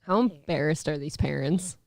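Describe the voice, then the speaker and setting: A woman's voice: low-pitched, moderate pace, gravelly, a little mellow, no room sound, clean studio sound. A woman co-hosting a morning show, teasing and bluntly mocking the clips she watches. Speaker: co-host. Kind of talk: casual comedic commentary.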